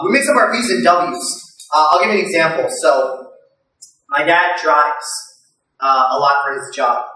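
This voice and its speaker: A man doing a stand-up comedy set, talking in a chatty way with many fillers and bursting into loud impressions. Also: a little high. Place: live comedy venue. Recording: very echoey room, from far off.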